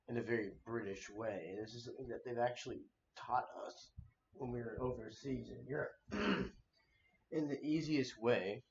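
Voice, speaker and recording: Man streaming, rambling over a dull mic. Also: lowish voice. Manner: rambling, lots of fillers and restarts. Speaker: streamer reacting to a video. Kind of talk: casual live-stream commentary. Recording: dull lo-fi mic with faint noise.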